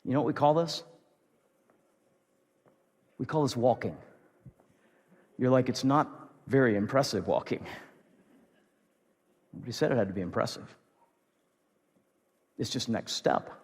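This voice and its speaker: A pastor preaching a sermon in an earnest, repetitive way, moving between loud emphasis and soft near-whispers. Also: male voice, mid-range voice, expressive, measured pace, pauses often, husky. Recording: long hall reverb.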